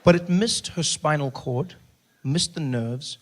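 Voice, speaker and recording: A male stand-up comedian tells a story on a club stage through a handheld mic. He is animated, bursting into loud lines and repeating words for effect. His voice sits a little high, with faint noise behind. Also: measured pace.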